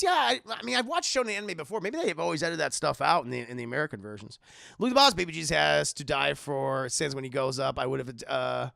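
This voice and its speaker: A young man streaming, recapping an episode in a profane, animated way that repeats itself. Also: on the high side, creaky, no echo, clean studio sound.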